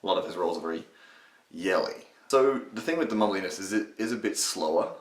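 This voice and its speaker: A young man talks through a casual tutorial in a low, deep voice. He rambles, swears and restarts his sentences, and the room around him echoes. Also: animated, quick pace. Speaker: channel host teaching impressions.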